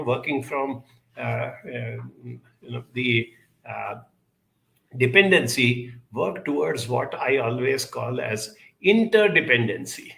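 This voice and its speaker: Responding to audience questions at a conference, a man gives earnest advice, often stopping and hesitating. The voice is medium-pitched, creaky and a bit bright, heard through a rough, reverberant recording.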